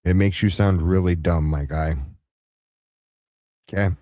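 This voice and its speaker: Slow, low-voiced taunting commentary host. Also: male voice, steady tone, dark tone, no echo, clean studio sound. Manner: sarcastic, taunting, breaks into high-pitched mockery. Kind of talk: mocking reaction commentary.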